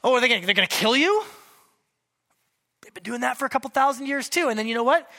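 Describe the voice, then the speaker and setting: A male pastor delivers a sermon in a bright, forceful voice. He is animated and conversational, putting direct questions to his listeners and dropping in joking asides. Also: very high voice, fast talker, gravelly.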